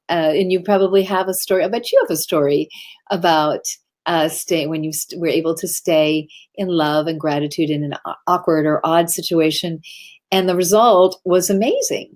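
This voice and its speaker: A woman's voice: lowish voice, a little mellow. A middle-aged woman giving a casual motivational talk, earnest and meandering as she tells stories. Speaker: speaker on love and self-expression.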